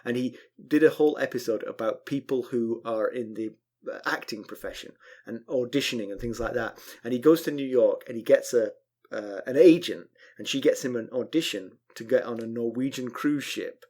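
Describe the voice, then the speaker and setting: Co-host, mid pitch, storyteller, giggly with dry one-liners. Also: moderate pace, a little mellow. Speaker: podcast co-host. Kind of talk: casual chat.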